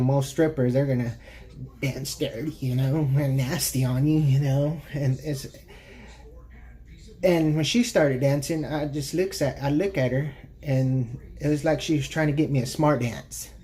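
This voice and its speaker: A man from Texas tells casual personal stories for his channel with a mellow, relaxed tone. He rambles, filling his sentences with "you know" as he goes. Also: medium pitch, normal speed. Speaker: YouTube storyteller. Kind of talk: casual anecdotal storytelling.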